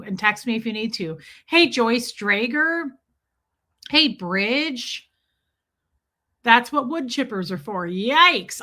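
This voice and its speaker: A woman in her forties hosting a casual livestream, greeting viewers by name and joking with dark humor. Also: on the high side. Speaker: livestream host. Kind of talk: casual livestream chat reading viewer comments.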